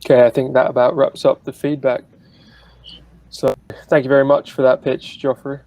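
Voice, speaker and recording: A man hosting an online startup pitch session, giving relaxed, brief prompts over a video call. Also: normal speed, low-quality recording. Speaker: pitch event host.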